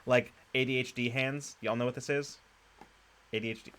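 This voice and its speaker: A man chatting casually on a podcast, lively and quick to laugh, with many fillers. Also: medium pitch. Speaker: podcast co-host. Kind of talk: casual chat.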